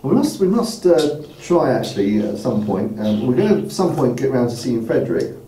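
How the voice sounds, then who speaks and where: A man hosting a casual wine chat in a mellow voice that rises and falls a lot, playful and teasing. He sounds distant from the mic in a roomy, echoing space. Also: mid-range voice, sing-song, normal speed, a little hiss or hum.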